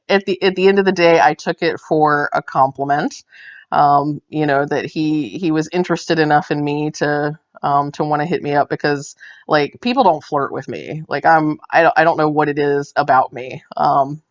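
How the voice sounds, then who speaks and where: A woman knitting vlogger telling a story in casual chat while she knits on camera. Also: low-pitched. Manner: chatty, tells anecdotes while knitting on camera. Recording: dull lo-fi sound.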